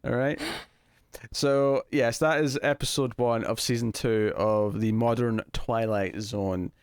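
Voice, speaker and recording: A man's voice: mid-range voice, steady tone, unhurried, smooth, dry recording, studio quality. A young adult man with a Scottish accent, co-hosting a casual TV review chat, joking, teasing and laughing often. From Scotland. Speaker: co-host of a TV review show.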